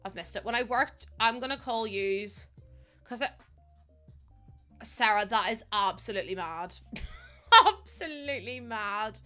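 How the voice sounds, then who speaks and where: A woman's voice: medium pitch, a little slow, long pauses, sharp tone, soft background music. A young woman streaming a game from home, talking in a chatty, rambling way and laughing often. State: pregnant. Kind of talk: casual live-stream chat.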